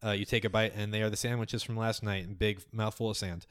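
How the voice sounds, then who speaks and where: A man narrating as game master of a tabletop game, relaxed and often hesitating with fillers. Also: fairly low pitch, fairly quick, smooth.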